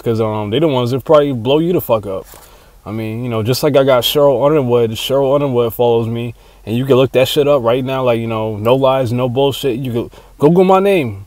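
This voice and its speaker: A man's voice: medium pitch, darkish tone, no echo. Profane, rambling man hosting a podcast. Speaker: podcast host. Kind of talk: casual solo podcast monologue.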